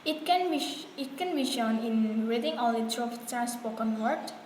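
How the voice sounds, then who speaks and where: A woman's voice: a little high, lively intonation, normal speed, darkish tone. Hesitant woman presenting in an echoey room. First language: Indonesian. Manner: reads from notes with frequent hesitations and restarts. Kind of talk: classroom presentation on phonetics. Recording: echoey room with faint background noise.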